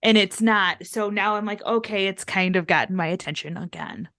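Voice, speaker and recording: A woman's voice: mid-range voice, normal speed, sharp tone, no room sound, clean studio sound. A young woman co-hosting a podcast in casual chat, rambling with many fillers and swearing freely. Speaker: podcast co-host.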